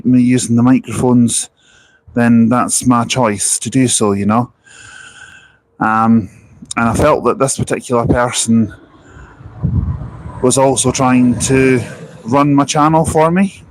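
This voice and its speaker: A man chatting earnestly into a handheld mic at an outdoor bus station. He speaks at an ordinary middle pitch and keeps restarting his sentences as he goes. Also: low-quality recording. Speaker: vlogger. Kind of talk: casual live-stream chat. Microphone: handheld wireless mic.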